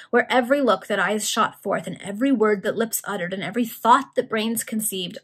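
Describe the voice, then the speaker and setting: A woman reading a Victorian serial story aloud with steady narration and casual asides. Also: mid-range voice, gravelly, slightly rough. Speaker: reader.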